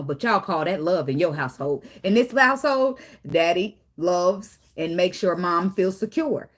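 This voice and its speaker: A woman's voice: medium pitch, fairly bright tone. A woman giving a casual tarot reading, blunt and profane, talking straight to the viewer. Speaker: tarot reader.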